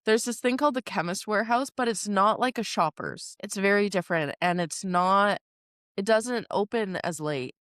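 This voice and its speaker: A young woman from Canada in her twenties, co-hosting a podcast and telling animated, giggly stories. Her voice sits at an ordinary pitch for a woman. It is recorded close on a podcast mic in a dry, dead room. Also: moderate pace, no echo. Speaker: podcast co-host. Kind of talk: casual chat.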